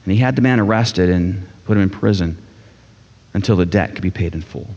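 A man preaching a sermon in a casual, animated storytelling manner. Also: deep voice, a little fast. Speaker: pastor. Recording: echoey hall, dull sound.

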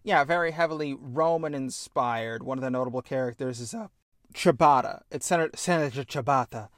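A man's voice: mid-range voice, a little fast, fairly bright tone, no room sound, studio quality. A man hosting a podcast, explaining at length in a casual, enthusiastic way and often correcting himself mid-sentence. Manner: rambling, enthusiastic, self-correcting. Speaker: podcast host.

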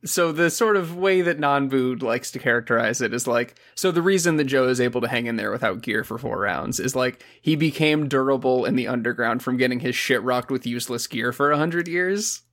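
A man co-hosting a laid-back podcast, riffing with mock quotes and laughing often. His pitch sits at a typical middle for a man. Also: brisk, hardly any pauses, a bit bright. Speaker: podcast co-host. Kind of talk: casual recap chat.

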